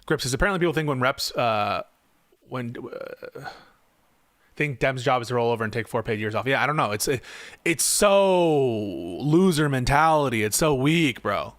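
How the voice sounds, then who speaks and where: A man's voice: medium pitch, expressive, moderate pace, fairly bright tone. A man doing casual live-stream commentary on politics, reading chat and ranting in a profane, exasperated way.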